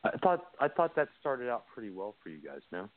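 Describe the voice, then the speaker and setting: A man's voice: medium pitch, sing-song, brisk. A man calling in to a casual chat, talking hesitantly with many restarts. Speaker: caller. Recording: tinny phone line with faint noise.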